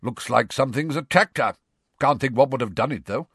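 A man voicing a gruff, brisk, pipe-smoking woman teacher in a storybook reading. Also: medium pitch, expressive, a bit bright, no room sound, clean studio sound, voice pushed up.

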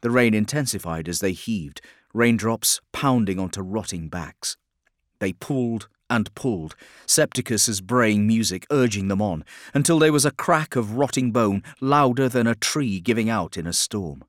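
Low-voiced man narrating an audiobook. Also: animated, normal speed, no room sound, studio quality.

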